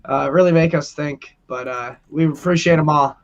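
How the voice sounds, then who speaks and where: A man's voice: a little high, moderate pace. A man co-hosting a sports podcast, reading out listener questions and answering them in easy, joking casual chat. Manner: reads out listener questions, jokey. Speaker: podcast co-host. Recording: dull lo-fi sound.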